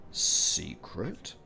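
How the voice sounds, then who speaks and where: A man giving casual let's-play commentary, chatting with his chat and rambling into jokey asides. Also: bright, forceful tone. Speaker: gameplay commentator.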